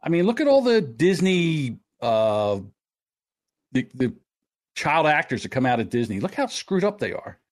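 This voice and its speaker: A man hosting a podcast, his voice a bit higher than most men's and swinging widely in pitch. He rants in a sarcastic, comedic way through a casual chat. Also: a little slow. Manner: animated, sarcastic, ranting. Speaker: podcast host.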